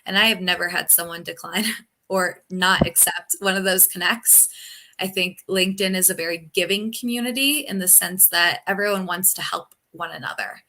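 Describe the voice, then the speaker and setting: A woman's voice: fairly low pitch, normal speed, pushed and bright. A young woman, a technical recruiter, chatting on a live video call interview with lots of ums and you-knows. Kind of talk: casual live-stream interview.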